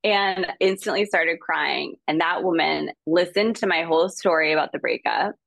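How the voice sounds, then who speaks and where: A woman's voice: moderate pace, gravelly, fairly bright tone, dry recording. A woman guest on an interview show, telling a story casually with lots of fillers and laughter, and acting out the people she quotes. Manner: chatty, filler-heavy, laughs often, acts out quoted voices in a higher pitch. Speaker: guest actress.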